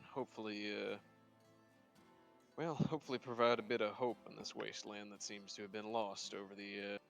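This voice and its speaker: A weary, drawling father figure, voiced by a man over an online tabletop session. He hesitates and fills his lines with "well" and "uh", low in pitch, with faint music behind. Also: fairly even intonation, a little fast, vocal fry, fairly bright tone. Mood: earnest. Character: weary grizzled male priest-like father, drawling. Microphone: voice chat microphone.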